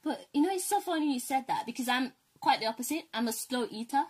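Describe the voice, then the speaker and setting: A young woman co-hosting a casual chat, telling animated stories and slipping into impressions of her parents. Her voice sits a little high and sounds husky. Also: fast. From African family, raised in Britain. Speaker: co-host.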